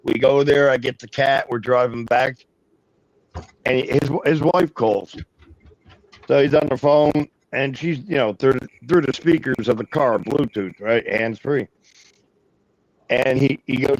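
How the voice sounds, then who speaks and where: A man's voice: medium pitch, a little slow, no echo, rough recording. Profane, rambling man telling a story. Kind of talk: casual storytelling.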